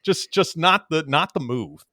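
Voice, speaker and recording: A man's voice: fairly high pitch, a little slow, dry recording, clean studio sound. A young man co-hosting a podcast, chatting casually and telling stories with lots of laughter. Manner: animated storytelling, laughing. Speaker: podcast co-host. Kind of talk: casual chat.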